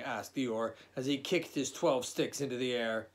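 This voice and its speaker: A man reading a children's story aloud in a gentle, unhurried way. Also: medium pitch. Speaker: audiobook reader. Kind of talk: storybook narration.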